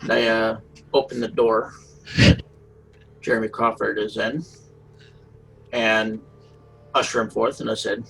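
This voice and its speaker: Male tabletop player: gravelly, casual, playfully profane. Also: lowish voice, flat delivery, a little slow, pauses often, a bit bright, soft background music, low-quality recording.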